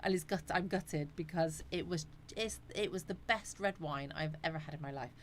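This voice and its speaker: A woman's voice: low-pitched, moderate pace, slight background noise. A woman hosting a casual live chat, rambling and answering viewers' comments. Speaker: live stream host.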